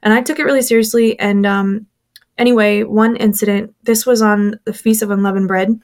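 A woman in a relaxed interview, talking candidly and chattily about her past. Her voice sits at an ordinary middle pitch, neither high nor low. She tells the story with plenty of fillers and restarts and slips into the voices of the people she quotes. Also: brisk. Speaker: former church member telling her story.

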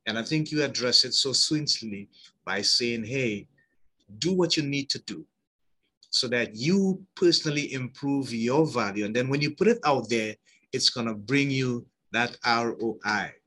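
A man's voice: medium pitch, measured pace, pushed and bright, husky, poor audio. A man hosting a live-stream interview, effusive and praising, reading viewer comments aloud. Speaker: host.

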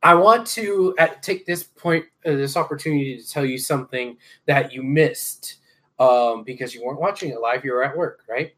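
A man's voice: mid-range voice, normal speed, pushed and bright. A man co-hosting a casual wrestling podcast, telling a long rambling story with lots of fillers and swearing. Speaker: podcast co-host.

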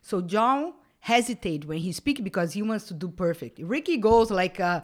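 A middle-aged woman whose first language is Portuguese, chatting warmly as a podcast guest with slightly broken phrasing. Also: medium pitch, lively intonation, normal speed. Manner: warm, hesitant, broken phrasing. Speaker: guest, a host's mother. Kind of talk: casual chat.

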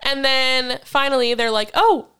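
A woman's voice: sits high, clear, resonant tone. A woman in her twenties, a podcast co-host, telling a story in a casual chat, swearing freely and laughing as she goes. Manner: profane, animated storytelling with quick laughs.

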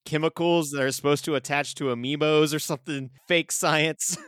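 A man's voice: on the high side, steady tone, normal speed, a bit bright, smooth, no echo, clean studio sound. A man co-hosting a casual movie podcast, rambling with many fillers. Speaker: podcast co-host. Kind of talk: casual movie review chat.

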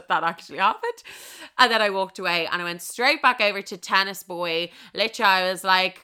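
A woman's voice: lowish voice, brisk, sharp tone, clean tone. A young Irish woman tells a funny personal story with lots of swearing and dramatic emphasis. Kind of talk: comedic storytelling.

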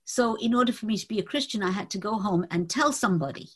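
A woman earnestly telling a personal faith testimony, reflective and halting with fillers. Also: medium pitch, animated, slightly rough. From Indian family. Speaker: testimony speaker.

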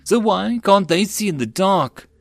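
Man doing young girl mage, pouty, curious, high girlish voice, dry close recording. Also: expressive, unhurried, gravelly, dry recording, full character voice. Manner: raised pitch, girlish.

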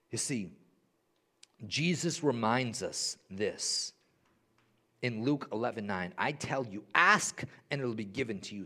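A young man preaching a sermon as pastor, swinging between loud, high-pitched bursts and hushed, low passages.

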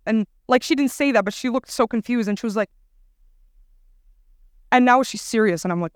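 A young woman preaching to a youth crowd in a chatty, storytelling way, with plenty of filler words. Her voice sits a little high and sounds smooth and clear. The sound is close and dry. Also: normal speed, no room sound. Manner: chatty, animated, lots of "like". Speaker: guest youth speaker. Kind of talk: casual storytelling sermon.

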